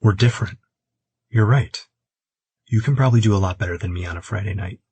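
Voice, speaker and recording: A man voicing an earnest young man, blustering but unsure of himself, in a plain husky voice. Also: fairly low pitch, a little fast, a little mellow, dry recording. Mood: subdued.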